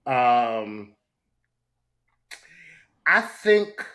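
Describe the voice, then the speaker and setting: A middle-aged man tells a story in a casual interview, his voice bright and forward. He throws himself into quotes, jumping high and low in pitch as he acts out each person. He is animated and loose. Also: very slow. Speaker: actor guest.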